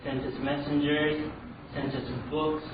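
A man's voice: on the high side, unhurried, background noise. A man from Canada giving a religious talk, telling a story and acting out its characters. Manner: animated, voices the characters in his story. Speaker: speaker. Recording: roomy lo-fi sound from far off.

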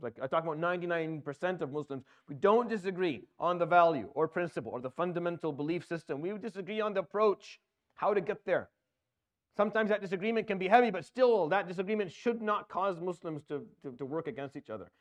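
A man's voice: sits high, lively intonation, fast talker. Earnest man giving a religious talk. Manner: earnest, repetitive, rhetorical questions. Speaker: Islamic preacher.

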